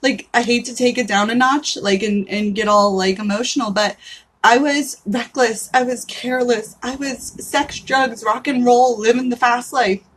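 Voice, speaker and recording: A woman in her thirties talks casually to her livestream audience, her voice sitting a little on the high side. She is chatty and candid, peppering her talk with "like" and the odd swear word. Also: moderate pace. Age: 30s. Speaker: livestream host.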